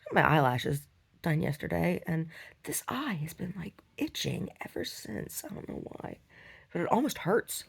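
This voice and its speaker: A woman's voice: low-pitched, sing-song, a little slow, vocal fry, fairly bright tone, slightly rough. A woman artist telling a rambling, profane story in a casual vlog, full of restarts. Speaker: conceptual artist.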